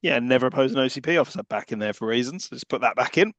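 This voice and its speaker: A man co-hosting a podcast, trading quick, jokey banter about a film and laughing often. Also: medium pitch, expressive, a bit bright, slight background noise. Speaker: podcast co-host. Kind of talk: casual film-review chat.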